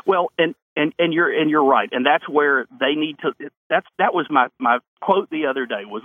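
Husky-voiced man on a phone line. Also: fairly high pitch, moderate pace, no room sound. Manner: emphatic, answers his own rhetorical questions. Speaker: state lawmaker as radio guest. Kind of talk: radio call-in interview. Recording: phone line into a radio show.

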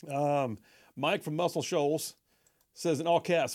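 Folksy talk radio host. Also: male voice, a little high, slow, a little mellow. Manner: folksy, chatty, stumbles over words. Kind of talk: talk radio reading listener texts.

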